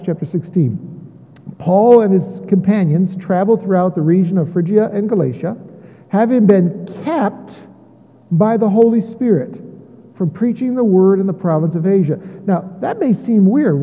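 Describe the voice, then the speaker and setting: A man's voice: sits high, expressive, moderate pace. A man preaching a sermon in a chatty way, mixing scripture with joking asides. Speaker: pastor. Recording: tinny phone-like audio with long hall reverb.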